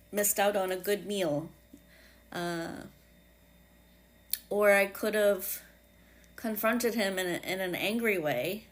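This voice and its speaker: A woman with a New England accent hosting her own podcast, reflecting in a casual, halting way with many fillers and restarts. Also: on the low side. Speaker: podcast host.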